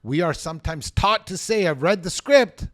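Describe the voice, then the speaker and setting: A man coaching on real estate sales in a motivational teaching monologue, energetic, emphatic and given to ranting. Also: sits high, normal speed, no echo, clean studio sound.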